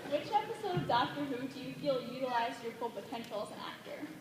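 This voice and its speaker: Eager high-voiced woman in a noisy hall. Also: expressive, fast talker. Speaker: audience member asking a question. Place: convention hall audience. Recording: echoey hall, far from the mic, crowd noise.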